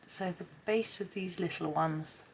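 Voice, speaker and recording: A hoarse woman with a chatty, rambling manner talks casually while colouring, often dropping to a near whisper. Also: fairly low pitch, unhurried, a little hiss or hum. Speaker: colouring channel host.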